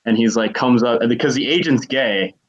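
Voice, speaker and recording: A man's voice: mid-range voice, moderate pace, breathy edge. A young man hosting a casual livestream hangout, rambling through stories with lots of fillers. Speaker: stream host. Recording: dull lo-fi stream audio.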